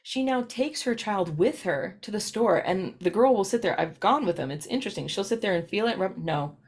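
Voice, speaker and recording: A woman's voice: medium pitch, lively intonation, brisk, darkish tone, slightly rough. Chatty woman presenting. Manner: casual, chatty, frequent fillers, acts out quoted parents. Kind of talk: recorded professional presentation.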